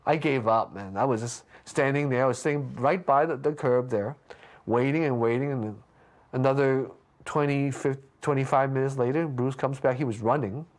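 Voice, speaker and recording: A man being interviewed, casually telling a story with lots of restarts and stammers, jumping up in pitch when he acts out what people said. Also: normal speed. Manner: lively anecdote with frequent restarts and stammers; acts out quoted lines with big pitch jumps.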